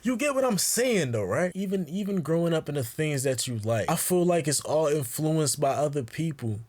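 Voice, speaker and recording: A man's voice: on the high side, animated, normal speed, a little mellow. A young man talking casually to the camera in a rambling, slangy monologue, checking in with the viewer often. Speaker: YouTuber.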